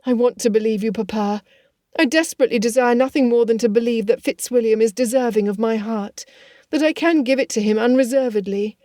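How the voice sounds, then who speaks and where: A young heroine speaks up high and earnestly, emotion close to the surface, as a woman reader plays her. The tone stays mellow and the sound dry and close. She pleads with feeling. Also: fairly quick, no echo, close to an everyday voice. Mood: pleading. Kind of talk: audiobook character voice.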